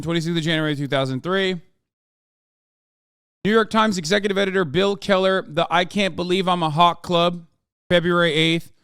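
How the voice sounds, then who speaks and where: High-voiced man ranting profanely. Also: fairly bright tone, smooth, no echo, studio quality. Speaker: livestreamer reacting to news. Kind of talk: heated reaction commentary.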